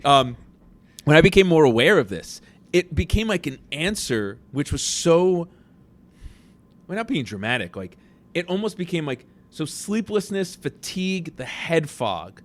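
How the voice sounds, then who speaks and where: A man's voice: fairly high pitch, sing-song, normal speed. A middle-aged man hosting a casual podcast chat who works as a teacher and acts out quoted thoughts in little voices.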